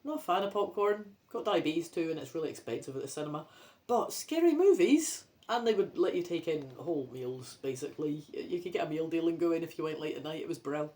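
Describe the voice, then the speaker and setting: A woman's voice: deep voice, animated, fairly quick, dark tone. Chatty Scottish woman reading aloud. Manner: chatty, sweary, rambling. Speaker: reader of a children's adventure book. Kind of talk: casual read-aloud with asides.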